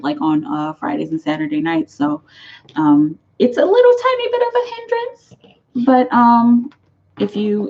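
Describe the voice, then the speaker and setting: A woman's voice: fairly low pitch, a little mellow, lo-fi sound, a little hiss or hum. A woman tarot reader chatting casually on a live stream, rambling with many fillers.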